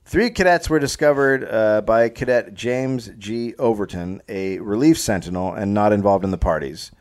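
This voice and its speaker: A man's voice: lowish voice, moderate pace, a little mellow. A man hosting a comedy podcast, reading a history story aloud and breaking off to riff and joke with silly voices. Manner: reads the story then riffs with silly voices.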